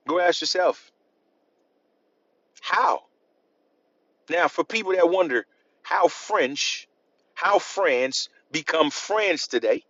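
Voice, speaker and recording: Male host, high and lively voice, slow deliberate lecture, dry dull lo-fi sound. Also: no room sound. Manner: emphatic, repeats points, asks rhetorical questions. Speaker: history channel host. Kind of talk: lecturing to camera.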